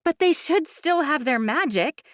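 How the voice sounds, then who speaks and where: A woman voicing an eager, curious young woman who asks questions in a raised, excited voice. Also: sits high, a little slow, no echo, clean studio sound, voice pushed up.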